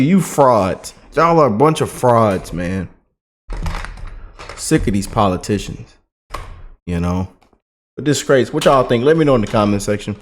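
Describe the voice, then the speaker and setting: A man's voice: medium pitch, lively intonation, a little slow, long pauses. A man ranting in a casual, repetitive and colloquial way as a political commentary vlogger.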